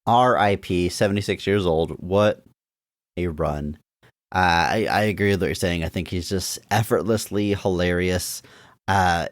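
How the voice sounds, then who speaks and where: Low-voiced podcast man, dry and close. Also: dry recording. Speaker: podcast co-host. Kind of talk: casual chat.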